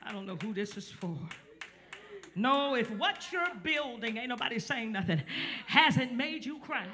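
High-pitched, fiery male preacher. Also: animated, measured pace, background noise. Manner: impassioned preaching that builds to shouts, teasing the congregation. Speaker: pastor. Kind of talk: sermon. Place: church sanctuary with live congregation.

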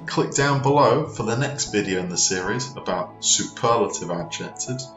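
A man teaching an online English grammar lesson, slow and patient, often asking the viewer questions. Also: fairly low pitch, lively intonation, reverberant, lo-fi sound, over music.

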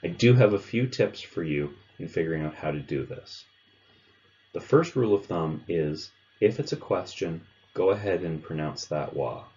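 A man narrating a pronunciation lesson, explaining sounds in a clear, measured way. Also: low voice, expressive, a little mellow, highs cut off. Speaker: language teacher. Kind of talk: instructional narration.

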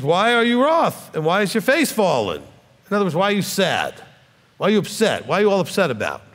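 A man who is a rabbi, teaching a sermon in a conversational way that builds to forceful, emphatic points. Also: fairly high pitch, gravelly. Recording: long hall reverb.

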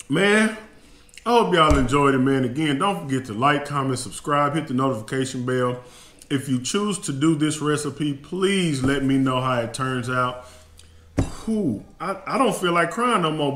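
A man's voice: medium pitch, moderate pace, fairly bright tone. A man hosting a fishing channel, tasting food on a casual vlog in a home kitchen. He talks in a folksy, emotional way and keeps calling his viewers y'all. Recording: roomy indoor sound with faint background noise.

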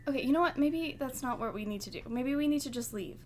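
A woman's voice: high-pitched, expressive, quick pace. A woman hosting a horror game let's play, jumpy and nervous, laughing through scares and chatting with her viewers. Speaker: gaming channel host.

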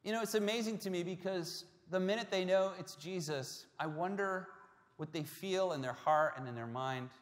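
Pastor preaching in a reverberant hall. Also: male voice, moderate pace. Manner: storytelling with a swing between hushed lows and loud, emphatic peaks. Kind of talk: sermon.

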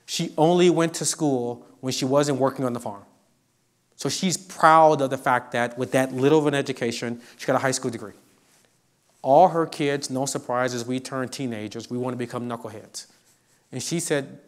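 A middle-aged man giving a humorous motivational university lecture, telling stories with lively delivery. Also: medium pitch, fairly quick. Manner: animated storyteller, acts out quotes. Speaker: professor giving a guest lecture.

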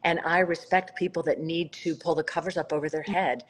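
A low, steady voice, a little fast, comes through a low-quality recording with slight background noise. The speaker, a middle-aged South Carolina woman who founded a nonprofit, tells her story on Instagram live with warmth, heart and emphatic swells.

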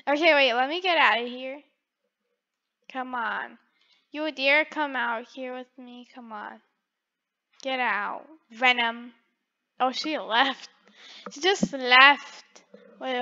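A woman's voice: high voice, bright, forceful tone, dull audio. A woman giving playful, teasing gameplay commentary with frequent giggles. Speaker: gaming video creator.

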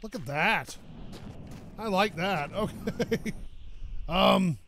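A man's voice: high-pitched, very slow, creaky, a bit bright, slight background noise. A man from Canada rambling through casual let's-play commentary, a bit stuffed-up from dust and laughing often. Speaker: gaming YouTuber.

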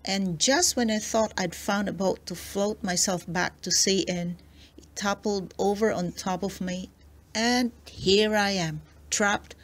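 A woman's voice: mid-range voice, fairly even intonation, close to an everyday voice. A woman reading aloud, voicing a huge, sad, stranded sea monster in a children's storybook. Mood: weary. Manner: pleading, weary, drawn-out.

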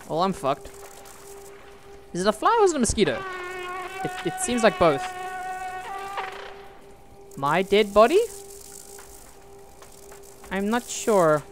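A young man giving frustrated, swearing commentary while playing a video game, often shouting. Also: high voice, very animated, slow, pauses often, faint music behind. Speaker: gaming video host.

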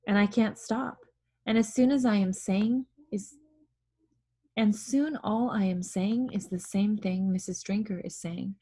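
A woman reading a novel aloud in a hushed, measured way. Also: mid-range voice, fairly even intonation, breathy edge. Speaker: audiobook reader.

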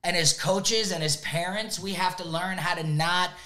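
A man who coaches youth sports, giving an energetic motivational talk and checking in with "right?" again and again. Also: high-pitched, normal speed. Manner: energetic, repeats "right?" often.

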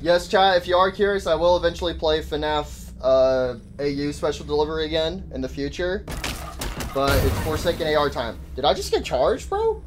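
A man giving casual gameplay commentary to his chat, excitable and joking in slang, yelping and shouting when startled. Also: on the high side, moderate pace, a little hiss or hum. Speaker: gaming YouTuber.

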